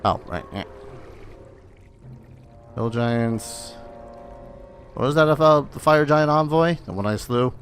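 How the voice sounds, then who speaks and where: A man talks his way through a fantasy game, wandering into rambling asides and dry jokes at a mid pitch. Faint game music sits softly behind him. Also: slow pace, long pauses. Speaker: let's play host. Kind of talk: casual gameplay commentary.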